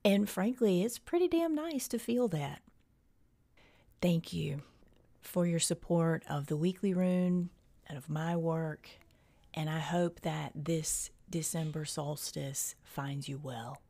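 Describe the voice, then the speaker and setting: Slow gravelly-voiced woman, hushed and meditative. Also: low voice. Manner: soft, hushed, unhurried delivery with breathy whispered phrases. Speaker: podcast host. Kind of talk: slow meditative spoken reflection.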